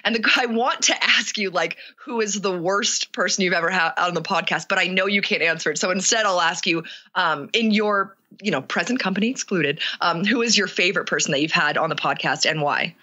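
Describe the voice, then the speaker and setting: Low-pitched bright woman, casual interviewer. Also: a little fast, few pauses, highs cut off. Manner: thoughtful, winding questions. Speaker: guest friend asking questions. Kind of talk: casual chat between friends.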